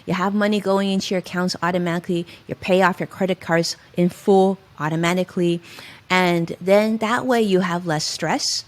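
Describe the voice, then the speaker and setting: A middle-aged woman, a financial advisor, giving emphatic and expressive advice as a guest in an interview. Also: lowish voice, normal speed. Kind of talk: interview conversation.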